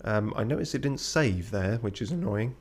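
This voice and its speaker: A man's voice: lowish voice, animated, moderate pace, slight background noise. A man streaming a game, making dry, muttered asides with some swearing. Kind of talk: casual let's-play commentary.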